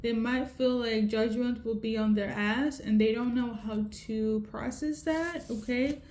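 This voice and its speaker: Tarot reader, female, fairly high voice, chatty, keeps asking "okay?", roomy echo with faint hiss. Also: fairly even intonation, measured pace, darkish tone. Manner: repeats "okay?" often, conversational. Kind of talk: casual tarot reading. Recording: echoey room with faint noise.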